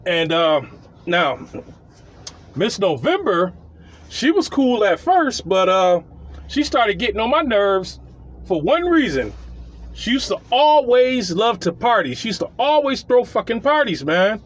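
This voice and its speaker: A man's voice: very high-pitched, big pitch swings, unhurried. A man telling a story about his tenants, blunt and profane, rambling and repeating himself. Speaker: landlord telling tenant stories. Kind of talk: casual storytelling.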